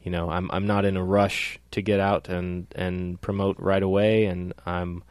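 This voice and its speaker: A man talking as a musician guest in a casual interview, relaxed and halting. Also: low-pitched, dry recording, studio quality. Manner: relaxed, halting, self-correcting.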